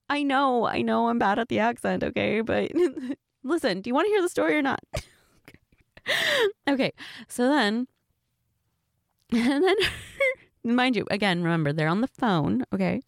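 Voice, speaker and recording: A woman's voice: fairly high pitch, lively intonation, unhurried, gravelly, long pauses, no echo, studio quality. A woman chatting to her best friend in casual role-play, giggly and rambling.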